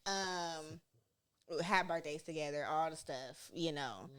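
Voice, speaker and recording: A young woman hosting a casual podcast chat with her mother, talking in a lively, storytelling way and laughing often. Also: deep voice, a little slow, smooth. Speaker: podcast host.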